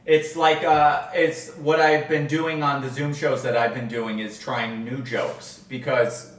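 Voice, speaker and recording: A young adult man hosting a casual chat, telling stories with lively energy. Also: mid-range voice, unhurried. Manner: animated storyteller. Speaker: host. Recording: roomy distant mic with faint background.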